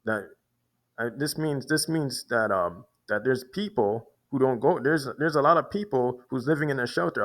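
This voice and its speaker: A man's voice: medium pitch, fairly bright tone. A man telling a long personal story in a rambling way, restarting and repeating words often. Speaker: vlogger. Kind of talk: casual storytelling monologue.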